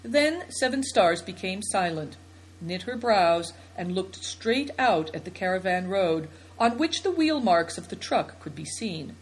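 A woman narrating a children's novel as an audiobook, in an expressive storytelling manner. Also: mid-range voice, measured pace, low-quality recording.

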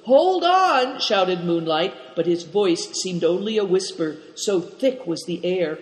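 Measured storybook narrator in a hall. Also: medium pitch, steady tone. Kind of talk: storybook reading. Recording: roomy hall reverb.

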